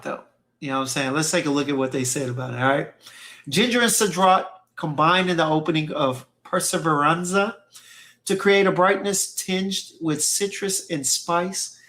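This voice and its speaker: This man's voice sits on the high side and sounds a little bright. Hosting a relaxed fragrance livestream on a streaming mic, he reads out viewer comments in a laid-back, slangy manner and keeps repeating his phrases.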